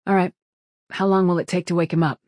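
A man's voice: sits high, level tone, fast, darkish tone, no echo, voice pushed up, natural voice. A young woman who asks pointed, doubtful questions, as a man reads her. Her manner is plain and direct. The read is dry and close. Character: young female crew member, questioning.

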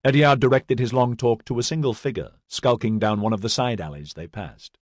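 A man giving a scripted audiobook narration in a steady, even storytelling manner. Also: mid-range voice, fairly quick, dry recording, clean studio sound.

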